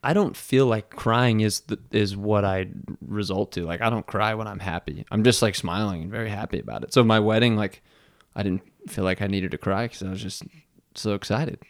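A man, co-host of a podcast, telling a funny personal story in casual chat with restarts. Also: on the low side. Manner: animated storyteller, halting restarts.

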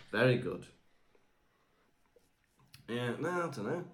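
Playful man, lively pitch. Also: very slow. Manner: playful, laughs often, riffs on bits. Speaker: podcast co-host. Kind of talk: comedic book-discussion podcast chat.

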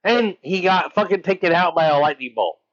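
A man's voice: high voice, expressive, fairly quick, dry recording, muffled recording. A man co-hosting a podcast in casual chat, blunt and emphatic, swearing a lot. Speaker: podcast co-host.

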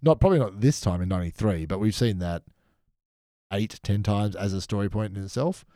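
Deep mellow man critiquing on a podcast. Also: a little fast, no echo, clean studio sound. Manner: opinionated, analytical critique. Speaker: podcast guest. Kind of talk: casual chat reviewing episodes.

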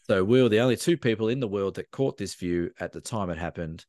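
A man with an Australian accent, a podcast co-host telling a lively, animated story in casual chat. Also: on the low side, fast talker, no room sound.

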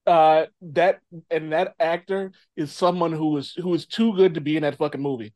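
A man hosting a casual podcast chat, animated, swearing and laughing a lot. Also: fairly high pitch, normal speed, dry recording. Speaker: podcast host.

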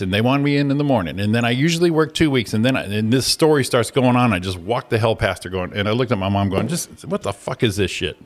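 Man, radio host, lively swooping pitch, irritated profane rant, faint music behind. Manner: exasperated, profane storytelling with animated quoted voices. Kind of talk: casual ranting chat.

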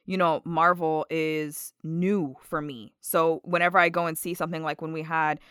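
Bright, smooth-voiced woman telling stories. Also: deep voice, normal speed, no echo, studio quality. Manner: animated storyteller, acts out quotes. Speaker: podcast guest. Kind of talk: casual chat.

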